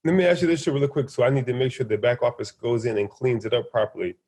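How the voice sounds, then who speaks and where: A man's voice: medium pitch, steady tone, fast, darkish tone. This is a man interviewing a client on an informal business call. He keeps his questions short and to the point. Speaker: payment services representative.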